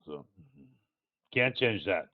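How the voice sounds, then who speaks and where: A man's voice: sits low, expressive, slow pace, no echo. Older male analyst with a foreign accent, digressive teacher, thin tinny dry recording. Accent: non-native English accent. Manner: digressive, hesitant, many uh fillers, explaining step by step. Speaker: market analyst teaching a live webinar. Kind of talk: live chart walkthrough for traders. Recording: tinny phone-like dry sound.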